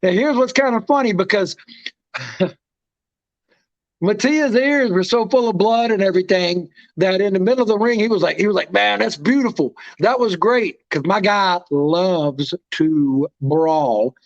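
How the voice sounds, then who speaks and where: A man hosting a casual livestream chat, talking with excitement and telling stories. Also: high voice, a little slow. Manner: excited, storytelling, drops names. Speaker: show host. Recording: dull lo-fi stream audio.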